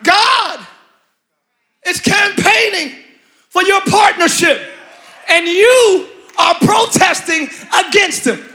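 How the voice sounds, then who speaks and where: Energetic male preacher, loud and bright, casual slang, teases the congregation. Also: very high voice, slow pace, pauses often. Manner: animated, shouting, slangy, joking with the congregation. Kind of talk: sermon.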